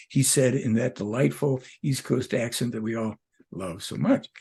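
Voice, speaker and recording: A man's voice: a little high, moderate pace, a little mellow, husky. A man speaking as an interview guest, rambling and emphatic, jumping from point to point. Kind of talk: casual interview talk.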